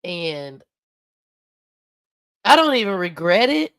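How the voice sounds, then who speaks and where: This woman's voice sits on the low side and swings widely in pitch as she speaks slowly to her livestream audience. Emotional and near crying, she thanks viewers warmly, addressing them as "y'all" and "baby," in casual talk captured on a dry recording.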